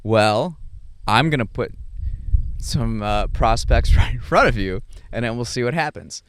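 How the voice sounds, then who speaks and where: A man's voice: mid-range voice, expressive, unhurried, clean tone, lightly acted. A man playing the universe, teasing and playful. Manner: playful, mock-challenging. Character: the universe, a teasing matchmaker spirit.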